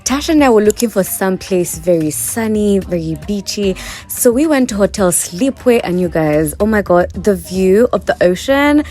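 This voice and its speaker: Young woman, travel vlogger, chatty and animated, voice rising and falling widely, music underneath. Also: medium pitch, moderate pace, rough recording. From Uganda. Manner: animated, chatty storytelling to viewers. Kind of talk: casual travel vlog narration.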